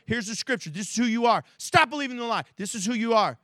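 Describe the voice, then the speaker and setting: A man preaching a sermon as a pastor in a church, animated and acting out quotes with big swings in his voice. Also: very high-pitched, fairly quick, few pauses, dry recording, clean studio sound.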